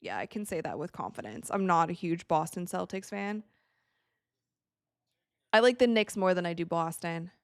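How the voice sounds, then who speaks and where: A woman's voice: fairly low pitch, moderate pace, pauses often, no echo. Young woman streamer, casual game commentary, chatty, dry close sound. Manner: chatty, animated, reacting to plays. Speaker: livestream host.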